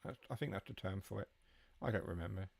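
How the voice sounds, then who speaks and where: Low, dry-sounding male streamer, easygoing live commentary that drifts into replies to the chat. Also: quick pace, vocal fry, darkish tone, slightly rough, no echo. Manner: chatty, answers chat while driving. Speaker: game streamer.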